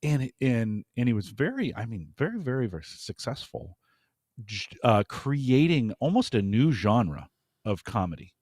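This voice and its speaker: A man's voice: lowish voice, expressive, moderate pace, a little mellow, no room sound, clean studio sound. A man co-hosting a podcast, thinking aloud in a casual discussion. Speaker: podcast co-host.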